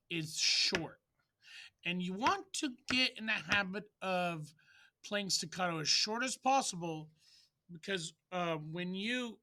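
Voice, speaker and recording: A man's voice: high voice, pushed and bright. A man teaching wind players in a loose, chatty way, singing short syllables aloud to demonstrate how notes should sound. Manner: loose and chatty, with fillers and restarts. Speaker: music teacher. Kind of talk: casual instructional talk.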